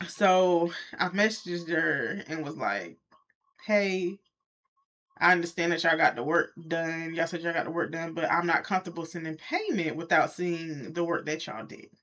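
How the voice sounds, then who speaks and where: A woman, casually telling her viewers a story from her own life, talking straight to them and jumping up in pitch when she quotes people. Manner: animated, talks straight to viewers, jumps high when quoting. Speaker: vlogger.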